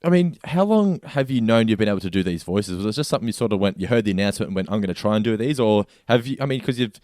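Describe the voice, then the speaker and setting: Fast, low-voiced podcast host. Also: male voice, animated, darkish tone, dry recording, clean studio sound. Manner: rambling, stacked questions. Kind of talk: podcast interview.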